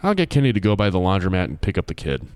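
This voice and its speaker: A man's voice: low voice, wildly swooping pitch, very fast, darkish tone, smooth, no room sound, studio quality, heavily acted. A man voicing a weary, middle-aged small-town sheriff who speaks grimly and plainly. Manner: grim, plainspoken.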